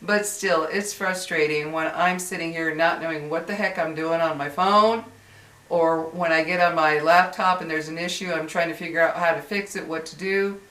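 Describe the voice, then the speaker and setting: An older woman speaks straight to her viewers in a somewhat low voice, rambling and clearly exasperated. She often stops and restarts her sentences. The audio is roomy and echoey, as if the mic sits a few feet away. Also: fairly even intonation, normal speed, a bit bright. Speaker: YouTuber. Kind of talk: venting vlog to viewers. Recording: roomy echo, distant mic.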